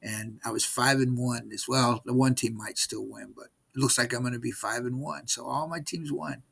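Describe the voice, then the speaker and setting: A man's voice: medium pitch, steady tone, moderate pace, creaky, a bit bright, breathy edge. A man in his sixties giving a rambling, exasperated recap of his team's game in casual vlog talk, often repeating himself. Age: 60s. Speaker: sports fan vlogger.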